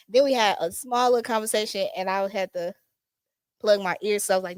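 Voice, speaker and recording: A woman hosting a podcast in casual, chatty talk, excitable and full of fillers. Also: medium pitch, normal speed, clear, resonant tone, no echo. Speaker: podcast host. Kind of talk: casual chat. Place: small studio set.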